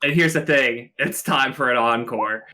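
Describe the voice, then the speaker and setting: A young man playing a tabletop game casually, animated and laughing often. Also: mid-range voice, moderate pace. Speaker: player.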